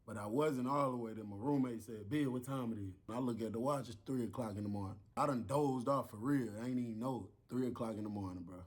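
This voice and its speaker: A man telling a long story in an animated way, acting out voices and sounds as he goes. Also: medium pitch, fast, few pauses.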